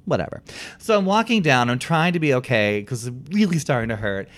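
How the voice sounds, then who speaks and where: Animated, laughing male storyteller. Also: mid-range voice, a little fast. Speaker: guest storyteller. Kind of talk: casual podcast chat.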